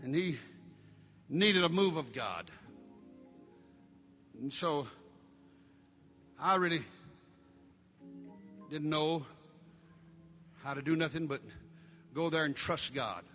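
An older man preaching a sermon, shouting his lines in Pentecostal style and dropping low when telling a story. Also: slow, long pauses, long reverb tail, soft background music. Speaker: pastor.

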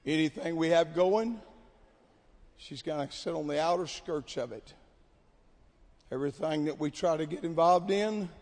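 A man preaches a camp meeting sermon in a high voice. He tells a story about his congregation in a quiet, conversational way. The sound carries the long reverb of a large hall. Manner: builds to shouted preaching, then drops to quiet storytelling. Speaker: pastor.

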